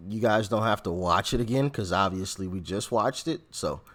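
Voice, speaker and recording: A man hosting a reaction channel, commenting on clips in an excitable, teasing way. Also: on the low side, normal speed.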